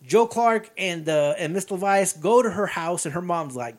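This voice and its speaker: A man's voice: high-pitched, a little fast, hardly any pauses. A man hosting a casual chat, animatedly recapping a movie's scenes with laughter.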